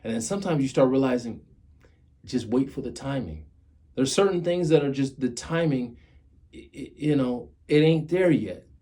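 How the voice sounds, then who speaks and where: A man's voice: mid-range voice, animated, normal speed, warm tone. Earnest man in his thirties giving pep talk. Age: 30s. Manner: earnest and repetitive, drives points home by repeating phrases. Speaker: motivational vlogger. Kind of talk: casual motivational talk to camera.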